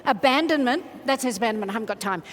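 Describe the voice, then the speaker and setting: Woman, motivational speaker, high voice, big hall echo, energetic and coaxing. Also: very fast, slight background noise. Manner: energetic, exclamatory, coaxing the audience. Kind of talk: motivational keynote speech. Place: large conference hall. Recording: reverberant hall, faint ambience.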